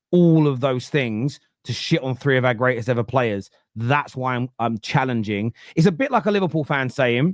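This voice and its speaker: A man hosts a casual football talk show, arguing his case with emphasis and frequent restarts. His voice sits at a middling pitch and sounds close and dry, with no room around it. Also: no room sound. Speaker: host. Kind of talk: casual football podcast debate.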